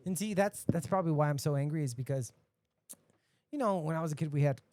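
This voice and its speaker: A podcast host, a man, ranting casually and profanely, dropping to mutters and then bursting out loud. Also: on the high side, fast, no echo. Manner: profane, ranting, swings between mutters and outbursts.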